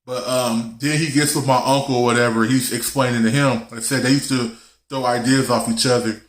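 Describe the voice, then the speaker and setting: A man's voice: mid-range voice, steady tone, a little fast. A man hosting a live stream, telling a story in a loose, slangy way and laughing as he goes. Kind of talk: casual storytelling chat. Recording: roomy echo.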